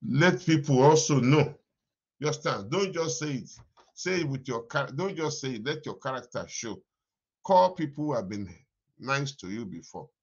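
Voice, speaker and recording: A man preaching an animated morning devotion sermon as pastor, repeating his phrases and laughing often. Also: medium pitch, moderate pace, husky, highs cut off.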